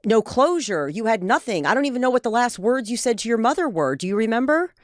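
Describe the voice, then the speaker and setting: A woman hosting a podcast, talking earnestly with a guest, explaining at length and asking gentle questions. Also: fairly high pitch, sing-song, quick pace, no room sound, clean studio sound. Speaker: podcast host. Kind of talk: supportive podcast conversation.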